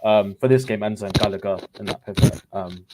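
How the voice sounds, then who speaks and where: A man on a panel in a casual football chat on a live stream, speaking hesitantly with frequent pauses and restarts. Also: lowish voice, very noisy. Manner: hesitant, full of ums and restarts.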